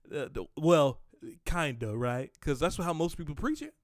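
A man teaches a relaxed sermon, animated and folksy, often joking with his listeners. His voice sits a bit high for a man and is recorded close and dry, with no room sound. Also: normal speed, dry recording. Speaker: preacher.

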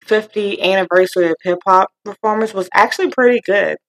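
A woman's voice: mid-range voice, brisk, a bit bright, low-quality recording. A woman co-hosting a podcast, chatting casually about pop culture, laughing often and trailing off mid-thought. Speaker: podcast co-host.

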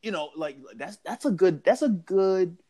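A man hosting a podcast, talking in a relaxed way, laughing easily and trailing off into restarts. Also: sits high, normal speed. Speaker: podcast host. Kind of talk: casual chat.

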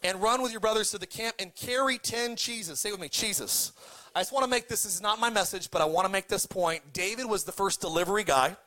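This pastor preaches in a high, sharp voice at a slightly fast clip. He jokes around, retells scripture in a casual way, and gets the congregation to say words back to him.

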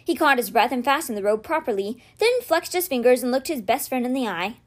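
A woman reading a children's novel aloud in a steady, gentle storytelling manner. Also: fairly high pitch, brisk, few pauses. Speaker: read-aloud podcast host.

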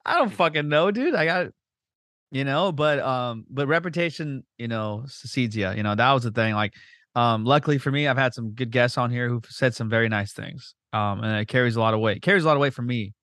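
A man's voice: medium pitch, no echo, clean studio sound. A man hosting a podcast, chatting casually with a guest, swearing freely and acting out quotes as he tells stories. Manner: profane, animated, quick storytelling with voiced quotes. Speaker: podcast host. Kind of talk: casual chat.

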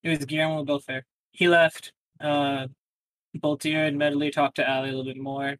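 A man's voice: on the high side, level tone, fairly bright tone, dry recording, poor audio. Man rambling through a game recap. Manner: rambling storytelling with quick acted-out quotes. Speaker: player recapping a tabletop game. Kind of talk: casual recap of a game session.

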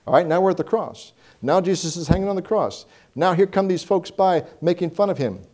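A man preaching a sermon, quoting scripture and swinging between loud emphasis and hushed, slowed delivery. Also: high-pitched, lively intonation.

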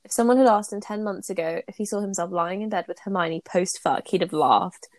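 A woman co-host who reads a story aloud and breaks off to chat. She's blunt and animated, with a mid-range voice. The sound is dry and close. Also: medium pitch, a little fast, dry recording. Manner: animated, blunt, swears freely. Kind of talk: casual chat and story reading.

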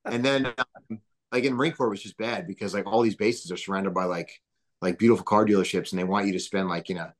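Low-voiced man telling rambling stories. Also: fast talker. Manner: rambling, filler-heavy, animated. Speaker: podcast guest, business founder. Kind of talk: casual storytelling interview.

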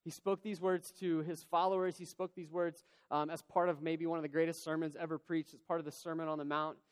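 A man preaching a sermon in a large church hall, telling a personal story in an animated, conversational way. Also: a little high, brisk, smooth. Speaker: pastor. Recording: long hall reverb.

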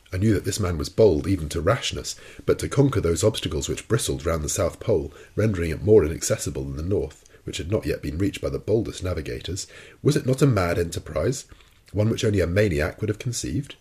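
Brief: male audiobook narrator, deep and raspy, steady deliberate storytelling. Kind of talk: scripted narration of a classic novel.

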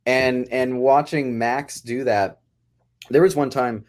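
A man's voice: mid-range voice, steady tone, slow, a little mellow. A man who writes and directs a podcast sitcom, talking casually in a rambling way, often breaking off mid-phrase and chuckling.

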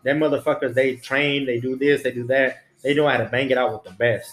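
A man's voice: medium pitch, fairly even intonation, fairly quick. Blunt, profane man in a roomy room. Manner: blunt, profane, street slang. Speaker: podcast guest, former prison officer. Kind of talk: casual storytelling. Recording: roomy echo, faint music.

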